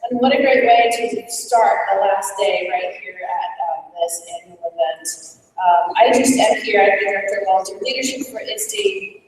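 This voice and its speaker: A woman's voice: mid-range voice, a little mellow. Woman, volunteer-program director, eager speech, heavy echo, mic heard from far away. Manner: enthusiastic, piles up repeated phrases. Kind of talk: short thank-you speech at a conference. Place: large conference hall. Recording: echoey hall, voice from far off.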